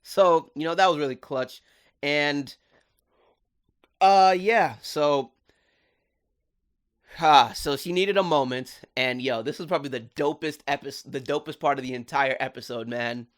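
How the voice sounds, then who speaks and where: A man giving casual video commentary on a cartoon episode, animated and full of slang. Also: fairly high pitch, unhurried, long pauses. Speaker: cartoon reviewer.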